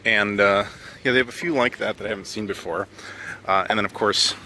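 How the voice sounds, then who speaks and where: A man's voice: lowish voice, fairly even intonation, brisk, bright, forceful tone, a little hiss or hum. A man from the United States casually vlogging outdoors on town streets, chatty and joking with lots of fillers. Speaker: travel vlogger. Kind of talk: casual walking vlog.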